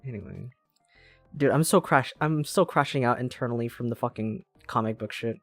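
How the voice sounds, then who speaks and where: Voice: medium pitch, normal speed, no room sound, soft background music. A streamer in casual game-stream chat, rambling, swearing and cutting themselves off mid-thought. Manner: rambling, profane, self-interrupting.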